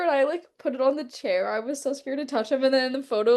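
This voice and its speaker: A young woman co-hosting a podcast, telling an animated story in casual chat and acting out what people said. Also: high-pitched, fast, few pauses. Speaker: podcast co-host.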